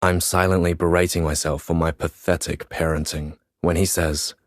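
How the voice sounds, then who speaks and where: A man's voice: deep voice, flat delivery, normal speed, dry recording, studio quality. A man reading a first-person audiobook in a weary, reflective manner. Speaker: audiobook narrator.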